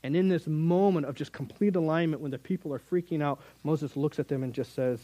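A man's voice: fairly high pitch, brisk, dark tone, no room sound, poor audio. A middle-aged man preaching a sermon as a youth Bible teacher, earnest and conversational, with sudden emphatic rises.

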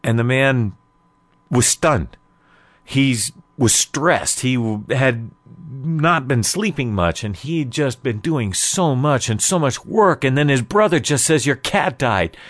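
A man's voice: mid-range voice, lively intonation, slow, no room sound. Man telling a joke in a dry room. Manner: conversational, rambling, with many fillers. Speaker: storyteller. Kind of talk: casual spoken joke-telling.

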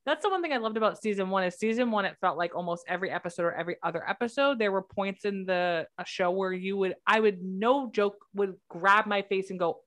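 A woman co-hosts a casual podcast chat in a mid-pitched voice. She talks bluntly and with strong opinions, swearing freely. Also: fast, few pauses, fairly bright tone. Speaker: podcast co-host.

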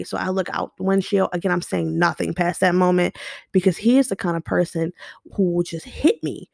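A young woman speaks into a home podcast mic with no script, blunt and emotional, swearing as she goes. Her voice sits low with a gravelly fry. The sound is dry and close. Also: brisk, a little mellow, dry recording. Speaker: podcast host. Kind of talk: unscripted personal monologue.

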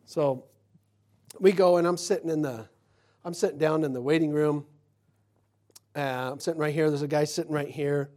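A middle-aged man preaching in a relaxed, folksy way, wandering into personal anecdotes. He acts out the other people in his stories as he goes. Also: on the high side, moderate pace, pauses often. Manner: folksy storytelling, acts out quotes. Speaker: pastor.

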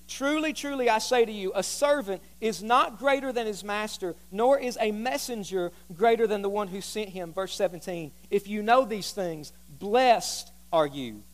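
A man preaching a sermon as pastor, reading scripture aloud and joking with the congregation on a microphone. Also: high voice. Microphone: handheld microphone.

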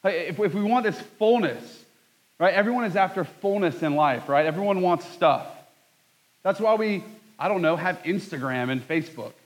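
A man in his thirties preaching a conversational sermon, joking at his own expense with lively asides. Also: high-pitched, normal speed, low-quality recording. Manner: conversational, self-deprecating, animated asides. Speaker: pastor.

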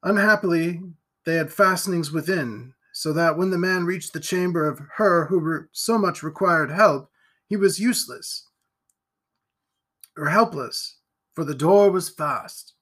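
A man reading a gothic novel aloud in steady, even storytelling narration. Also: on the high side, a little slow. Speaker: audiobook reader.

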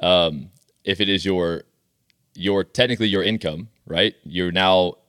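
A man's voice: low voice, measured pace, fairly bright tone, no echo, clean studio sound. A man co-hosting a sports podcast, talking in an enthusiastic, chatty and self-deprecating way. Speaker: podcast co-host. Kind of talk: casual sports chat.

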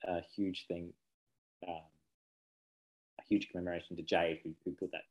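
Rambling man, low voice. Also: level tone, moderate pace, darkish tone, rough recording. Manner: rambling, self-correcting, laughs easily. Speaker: children's book author. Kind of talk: casual interview chat.

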